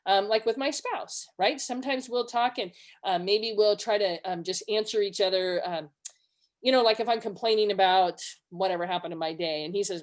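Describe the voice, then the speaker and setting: A middle-aged woman presenting a webinar, teaching conversationally with personal stories and acting out quoted dialogue. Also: moderate pace. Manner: earnest, acts out quoted dialogue with lively pitch jumps.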